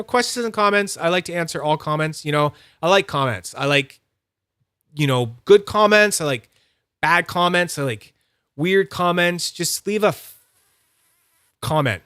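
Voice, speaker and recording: Bright-voiced chatty man hosting fidget reviews. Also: fairly high pitch, moderate pace, clean tone, no room sound, studio quality. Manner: chatty, excitable, self-deprecating, talks to viewers by name. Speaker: fidget toy channel host. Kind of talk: casual rambling livestream-style review.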